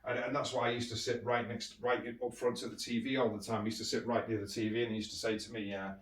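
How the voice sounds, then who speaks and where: A British man tells his own life stories in a loose, rambling way, circling back on his words as he goes. His voice sits at an ordinary middle pitch. The recording has a noticeable echo from the room around him. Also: little pitch movement, fast talker, far from the mic. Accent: British English. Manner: rambling and candid, with frequent restarts and chuckles. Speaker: podcast host. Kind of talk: candid personal storytelling.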